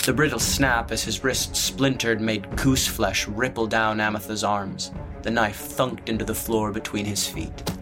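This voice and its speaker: A man narrating a story in a steady, measured audiobook reading. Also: on the low side.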